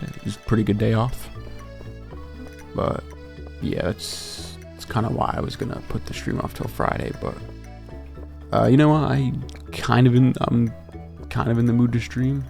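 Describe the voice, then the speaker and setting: A man's voice: medium pitch, creaky, a little mellow. A young man streaming a video game, chatting casually with rambling, self-deprecating asides and frequent chuckles. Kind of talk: casual gameplay commentary.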